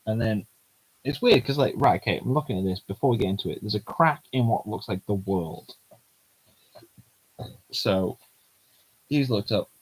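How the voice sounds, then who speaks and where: A man's voice: on the low side, lively intonation, moderate pace, pauses often, slightly rough, poor audio. A man streaming himself reading a manga aloud, chatty and giggly, in casual commentary.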